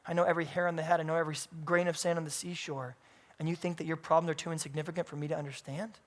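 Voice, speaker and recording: A man in his thirties preaching a sermon in church, moving between hushed, intimate passages and loud, emphatic peaks. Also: fairly high pitch, flat delivery, rapid-fire.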